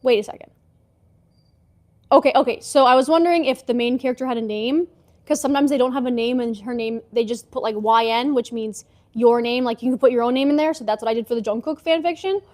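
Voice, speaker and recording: Young woman, high voice, casual and giggly, live-reading fanfic on a clip-on mic. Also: fast talker, a little mellow. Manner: giggly, chatty asides. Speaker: livestreamer.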